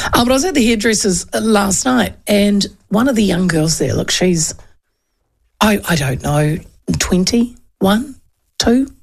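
Chatty New woman with gravelly fry. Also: fairly low pitch. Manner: chatty and digressive, with asides and laughs. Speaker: radio or podcast host. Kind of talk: casual political commentary.

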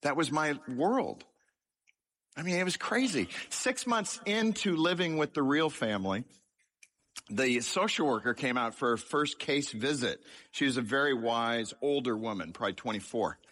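Animated man telling his testimony. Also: mid-range voice, normal speed. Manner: humorous, self-deprecating storytelling. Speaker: speaker sharing his life story. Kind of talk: testimony sermon.

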